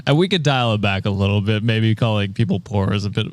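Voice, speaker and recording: A man's voice: fairly low pitch, fast talker, no echo, studio quality. A man co-hosting and editing a podcast, chatting casually with frequent fillers and chuckles. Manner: laid-back, chuckling, hesitant fillers. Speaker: podcast co-host and editor.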